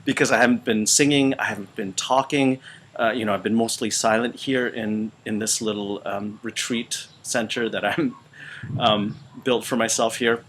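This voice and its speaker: A man's voice: lowish voice, steady tone, fairly bright tone, slight background noise. Man with a weakened, out-of-shape voice. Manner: halting, with many fillers and restarts. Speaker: voice teacher and choir conductor. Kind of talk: casual instructional video. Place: small retreat room.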